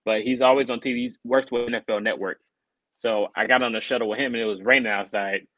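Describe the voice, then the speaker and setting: A man co-hosting a podcast, telling a story in a casual, animated way and acting out other people's lines in a higher voice. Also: quick pace, no room sound, muffled recording. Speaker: podcast co-host.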